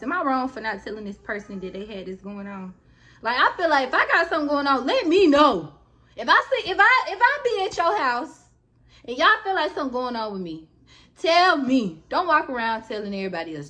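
A woman's voice: fairly high pitch, bright, forceful tone. A woman vlogger telling a story casually and bluntly, with plenty of swearing, and talking straight to her viewers. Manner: blunt, profane, talks straight to her audience.

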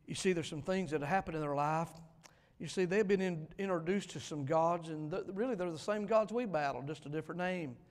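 High-voiced preacher in a reverberant church. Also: male voice, fairly quick. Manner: emphatic, swinging between loud declarations and quiet asides. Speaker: pastor. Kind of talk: revival sermon. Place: church sanctuary. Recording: long hall reverb in a church.

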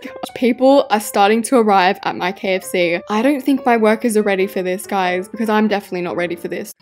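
A woman hosting a casual gameplay video, talking excitably with frequent exclamations and laughter. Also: mid-range voice, quick pace, faint music behind. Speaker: game channel host.

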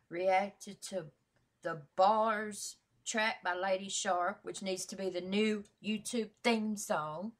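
Slow-talking hyped woman reaction host. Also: mid-range voice. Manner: slangy, hyped, profane, lots of shout-outs. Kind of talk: casual reaction vlog chat.

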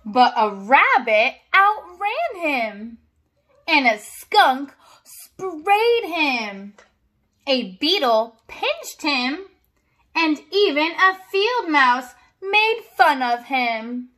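A woman reads a children's story aloud, unhurried and expressive, with little asides to her listeners. Her voice is high and bright, and it rises and falls a lot. She records herself at home.

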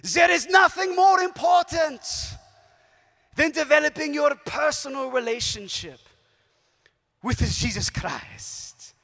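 Man putting on a loud old German churchman, thick German accent, booming proclamation, high-pitched, long hall echo. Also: animated, slow, heavily acted. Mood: proclaiming. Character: elderly German churchman proclaiming to a vast crowd.

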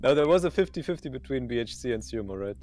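A man's voice: mid-range voice, expressive, fast, darkish tone. A man, a player in casual voice chat during a game, defending himself step by step. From Germany. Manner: defensive, argues his case step by step.

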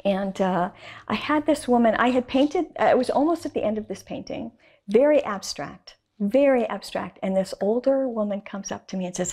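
A woman's voice: medium pitch, normal speed, dark tone. A woman, a guest artist, telling stories in an interview with enthusiasm and emphatic repetition. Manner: enthusiastic, emphatic, with repeated phrases. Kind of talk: interview storytelling.

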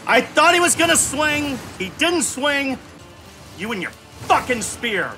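A man's voice: very high-pitched, very animated, measured pace, pushed and bright, soft background music. A man in his fifties giving profane, exasperated gameplay commentary and scolding the game aloud. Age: 50s. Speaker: gaming channel host.

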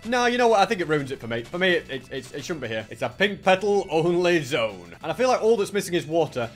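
A young man giving casual gameplay commentary, chatty and excitable, thinking aloud as he plays. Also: on the high side, fast talker, faint music behind. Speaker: gaming channel host.

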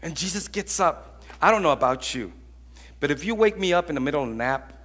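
A man preaching a sermon as pastor, telling stories in an animated, conversational way with acted-out voices. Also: a little high, brisk. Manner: conversational, with frequent restarts.

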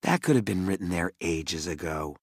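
A man voicing a sharp, bossy teenage girl in an audiobook. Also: low-pitched, animated, moderate pace, slightly rough, no room sound, studio quality, full character voice. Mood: skeptical. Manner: bossy, upset.

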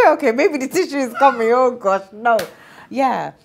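A woman's voice: fairly high pitch, unhurried. A woman, an interview guest who tells her story with feeling, laughing often and acting out the voices of others. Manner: animated, laughs often, acts out quoted voices.

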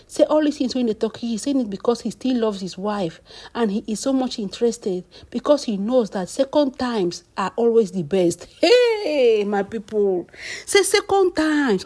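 Husky Nigerian woman gossip vlogger. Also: medium pitch, warm tone. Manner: exclamatory, addresses viewers as "my people". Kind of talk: celebrity gossip commentary.

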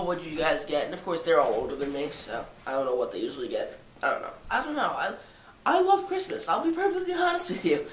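A man's voice: on the high side, slight background noise. Teen boy, 17, stuffy nose; rambling jokey vlogger, roomy sound from a distance. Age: 17, teenager. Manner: rambling, jokey, self-mocking asides. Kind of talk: casual holiday vlog. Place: living room by a tall Christmas tree.

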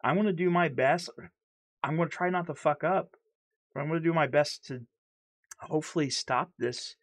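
A man's voice: a little high, normal speed. A man in a candid personal vlog, talking earnestly and heatedly, stuttering and repeating himself. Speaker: vlogger.

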